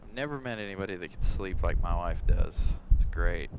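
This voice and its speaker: A man's voice: low voice, fairly quick. A man hosting a casual live stream from an airport, chatting and laughing with viewers, recorded on a phone outdoors. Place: outdoors by an airport on a windy day. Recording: loud outdoor wind noise. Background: loud wind and vehicle noise.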